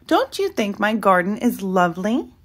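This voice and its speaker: A woman playing a genteel older neighbor lady who talks in a lilting sing-song. Her voice rides high and bright on each greeting, in storybook fashion. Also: very animated, moderate pace, breathy edge.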